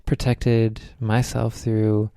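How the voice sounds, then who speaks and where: Man, podcast co-host, casual rambling storyteller, gravelly fry, smooth resonant tone. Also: lowish voice, flat delivery, drawn-out words, warm tone, no room sound, clean studio sound. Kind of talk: casual spiritual chat.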